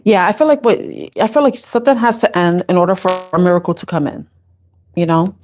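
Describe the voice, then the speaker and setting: A woman's voice: fairly low pitch, lively intonation, brisk, darkish tone, soft background music. Giggly, chatty woman tarot reader. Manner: chatty, giggly, thinks aloud with restarts. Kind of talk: casual live tarot reading chat.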